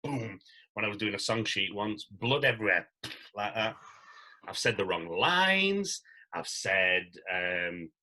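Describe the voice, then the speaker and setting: A middle-aged man, a stage actor casually telling animated anecdotes and acting out quotes. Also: fairly low pitch, unhurried, rough recording. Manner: animated storyteller, acts out quotes.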